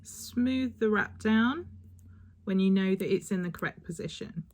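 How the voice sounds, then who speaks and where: A woman's voice: mid-range voice, a little slow, a little mellow. Chatty woman giving a tutorial. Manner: chatty, instructive, slightly rambling. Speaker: beauty vlogger. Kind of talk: step-by-step nail tutorial.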